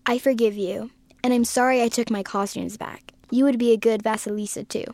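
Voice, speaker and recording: High-voiced little girl, eager, kinda bossy, dry close mic woman doing it. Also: steady tone, a little fast, a little mellow, no echo, lightly acted. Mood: earnest. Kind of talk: audio storybook acting.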